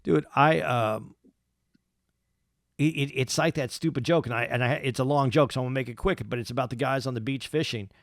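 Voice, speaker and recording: A man's voice: medium pitch, brisk, no echo, studio quality. A man co-hosting a casual podcast, rambling and restarting his sentences as he talks through his thoughts. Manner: rambling, repeats words and restarts often. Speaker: podcast co-host.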